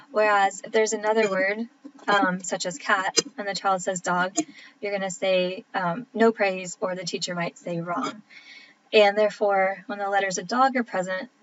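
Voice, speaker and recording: A woman's voice: mid-range voice, fairly bright tone. Casual woman lecturer, thirties, chatty with ums, lo-fi recording with a faint hiss. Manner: casual, explanatory, frequent ums. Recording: dull lo-fi recording with faint background noise.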